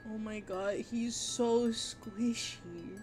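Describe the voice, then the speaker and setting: A woman chatting casually on a livestream while she draws, gushing and giggling, with bursts of excitement and casual swearing. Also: medium pitch, very slow, soft background music. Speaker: art streamer.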